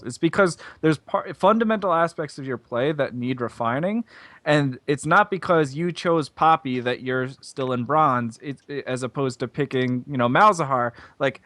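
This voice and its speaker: A man's voice: medium pitch, a bit bright, no room sound. A man co-hosting a gaming podcast, earnest and explanatory. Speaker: podcast co-host. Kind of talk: casual chat.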